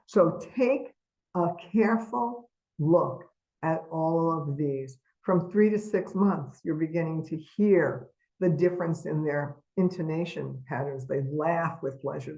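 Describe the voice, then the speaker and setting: A woman's voice: deep voice, creaky, a little mellow, rough recording. A woman giving an educational webinar lecture, emphatic and putting rhetorical questions to her audience over a video call microphone. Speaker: webinar presenter.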